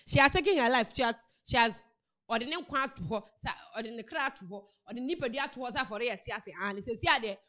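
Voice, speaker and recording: Speaking a little high and fast, a woman with a Ghanaian accent offers casual, chatty commentary on celebrity news, mixing Twi and English. She tells the story in an animated way, repeating words again and again.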